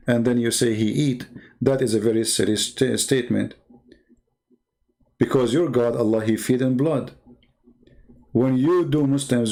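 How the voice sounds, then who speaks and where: A man's voice: mid-range voice, vocal fry, warm tone. A man arguing in a debate, firing mocking rhetorical questions in English with non-native grammar. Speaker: Christian debater. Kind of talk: argumentative debate talk.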